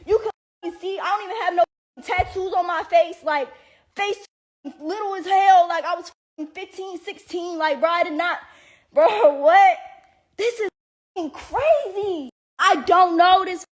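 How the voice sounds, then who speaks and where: A woman's voice: extremely high pitch, unhurried. A young woman upset and defensive, venting in a social media video with many filler "like"s.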